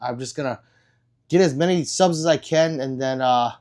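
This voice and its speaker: A man hosting a casual livestream and answering viewer comments in a blunt, profane and excitable way, with sudden loud outbursts. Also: medium pitch, normal speed. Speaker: livestream host.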